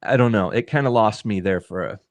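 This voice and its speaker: A man's voice: fairly low pitch, fast talker, no echo. Rambling male film reviewer, dry sound. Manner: rambling, with frequent restarts and acted-out quotes. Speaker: movie reviewer. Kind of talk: casual discussion reacting to a trailer.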